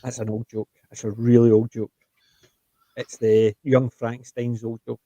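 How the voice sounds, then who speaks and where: An older Scottish man hosting a casual chat, his voice mellow and relaxed. He tells stories in an animated way and acts out the quotes. The sound is close and dry, with no room around it. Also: medium pitch, normal speed, no echo, poor audio. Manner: chatty, animated storytelling with acted-out quotes. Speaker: host.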